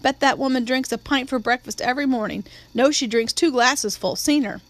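A woman's voice: sits high, brisk, dry recording. A blunt, cynical young boy grumbles his complaints, voiced by a woman reading the book. He sounds stubborn and plain-spoken. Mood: grumbling.

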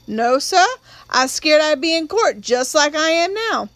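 A woman voicing a gentle young man on trial, answering humbly, slowly and respectfully in an audiobook. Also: high-pitched, animated, dry recording, voice pushed up. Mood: fearful.

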